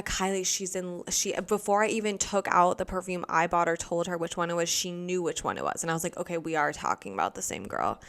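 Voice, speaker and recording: A young woman from the United States telling a casual story in a rambling monologue, filling her talk with "like" and quick asides. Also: lowish voice. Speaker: vlogger.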